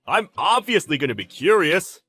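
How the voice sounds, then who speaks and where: A man playing a clueless cheating ex-husband, brash and quick to get defensive. His voice is bright and sits fairly high, swinging widely in pitch as he protests. Faint music runs under this audio drama. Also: big pitch swings, slightly rough, no echo, full character voice.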